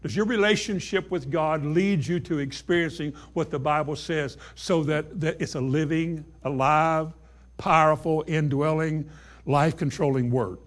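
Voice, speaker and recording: A man's voice: fairly high pitch, normal speed. A man preaching a sermon, reading scripture aloud and putting emphatic questions to his congregation.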